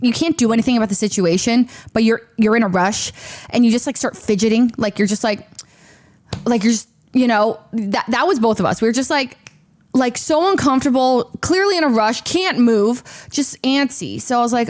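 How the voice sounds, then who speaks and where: A young adult woman streamer casually telling an animated story, acting out sound effects and other people's voices. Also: on the high side, brisk.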